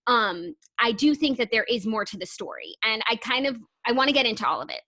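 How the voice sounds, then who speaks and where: A young woman co-hosting a pop culture podcast, chatting casually with lots of "like" and getting animated and emotional over gossip. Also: fairly high pitch, brisk, no room sound. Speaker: podcast co-host. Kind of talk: casual chat.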